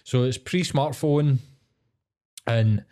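A man's voice: mid-range voice, mellow. A Glaswegian man co-hosting a podcast, telling stories in sweary casual chat and acting out other people's lines. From Scotland. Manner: sweary storytelling with quick acted-out voices. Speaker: podcast co-host.

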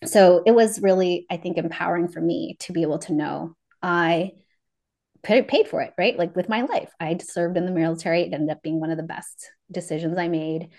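Lively woman telling her story as a guest. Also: on the low side, brisk. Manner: lively, acts out remembered dialogue; laughs often mid-sentence. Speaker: podcast guest. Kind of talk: casual interview storytelling.

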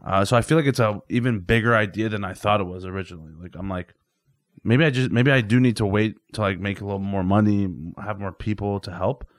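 A man's voice: on the low side, fast talker, no room sound. Chatty young man, dry studio sound. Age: young adult. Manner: rambling, self-deprecating, many fillers. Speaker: comedian guest. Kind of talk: casual podcast chat. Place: podcast studio.

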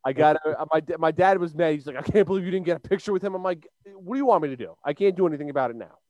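A man's voice: fairly high pitch, rapid-fire, dry recording, lo-fi sound. A young man from Long Island, co-hosting a casual chat show and telling a rambling story full of fillers and restarts. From Long Island, New York. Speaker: podcast co-host.

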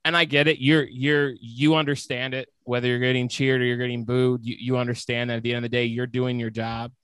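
A man's voice: medium pitch, little pitch movement, fairly quick, fairly bright tone, clear, resonant tone, no room sound. Hesitant, supportive podcast host man. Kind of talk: casual interview chat.

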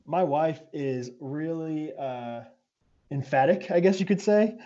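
A man in easygoing, animated casual conversation. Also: fairly high pitch, slow pace. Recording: slightly dull sound.

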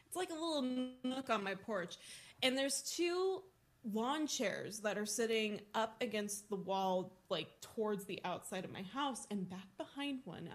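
A young woman co-hosting a podcast, telling a story in a casual, animated way, with lots of swearing and laughter. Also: medium pitch. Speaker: podcast co-host.

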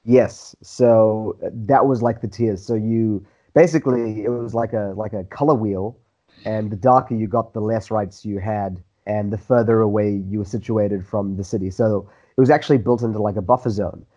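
Low mellow man, South African Indian accent. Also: moderate pace, rough recording. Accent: South African Indian, diluted. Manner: relaxed, rambling with restarts and fillers. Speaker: guest, actor. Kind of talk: casual interview storytelling.

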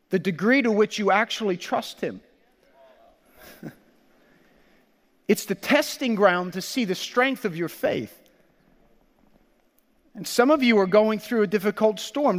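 A man preaching a sermon as pastor, animated, laughing often and acting out quoted lines. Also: high-pitched, in a large hall.

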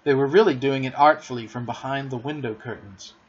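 A man narrating a storybook in an expressive, theatrical way in a dull lo-fi recording. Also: medium pitch, a little fast, slightly rough.

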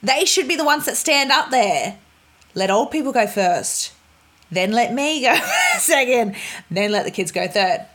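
A young woman vlogger tells stories to camera, casual and energetic, laughing often and acting out the voices of the people in them. Her voice is on the high side at a measured pace. She's recorded on a laptop mic with the laptop's fan humming behind her.

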